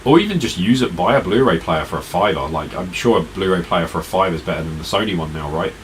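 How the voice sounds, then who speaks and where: Man, very deep voice, tired, rambling stream chat, faint air conditioning hum. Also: lively intonation, fast, poor audio. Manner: rambling, chatty, talks to viewers in chat. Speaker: retro gaming live streamer. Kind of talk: casual live-stream chat.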